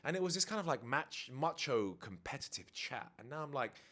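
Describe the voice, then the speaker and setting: A man's voice: mid-range voice, very animated, a little fast, sharp tone. A man, a dating and life coach, talking frankly and reflectively to camera indoors, swearing casually now and then. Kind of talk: candid confessional talk to camera. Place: indoors with DJ kit behind him.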